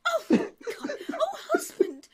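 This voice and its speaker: A woman's voice: extremely high pitch, wildly swooping pitch, slow, a crowd in the background, pitched above the performer's own voice, exaggerated voice. A woman voicing a melodramatic, clingy noble lady who pleads in an overwrought, squealing way.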